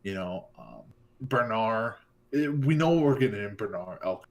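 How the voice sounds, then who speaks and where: A man co-hosting an esports talk show, giving his views in a relaxed way, with plenty of likes and ums. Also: on the low side, measured pace, vocal fry. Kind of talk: casual esports podcast chat.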